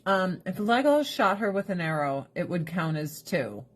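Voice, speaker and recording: A woman's voice: lowish voice, very animated, normal speed. A middle-aged woman talking casually to her viewers, telling a story about her best friend in a blunt, profane way and quoting her friend's lines. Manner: quotes friend with shifting voice. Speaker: vlogger. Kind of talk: casual chat to camera.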